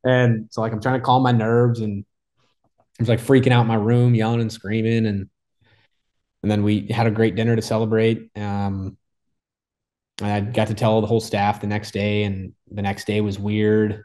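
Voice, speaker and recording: A man telling the story of his hole in one in a casual interview, talking excitedly and rambling with lots of "like" and restarts. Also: fairly low pitch.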